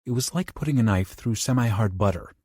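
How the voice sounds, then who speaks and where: A man's voice: fairly low pitch, brisk, breathy edge, no room sound, clean studio sound. A man narrating a horror audiobook in a dramatic style. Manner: dramatic, with lively shifts into character voices.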